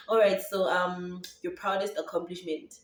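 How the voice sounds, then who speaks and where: A woman's voice: lowish voice, level tone, measured pace. A young woman from Zambia with a Setswana-tinged accent, chatting casually in a sit-down vlog as a YouTuber and podcaster, rambling with many fillers and restarts. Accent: Setswana-tinged English. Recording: roomy echo, voice from a distance.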